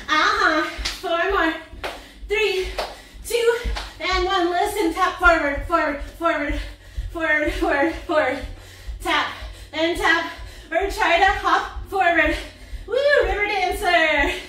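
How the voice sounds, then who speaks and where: A woman's voice: very high-pitched, takes it slowly, sharp tone, heavy reverb, recorded from a distance, a little hiss or hum. A woman fitness instructor leading a workout class, counting reps and cheering with whoops and laughs, out of breath.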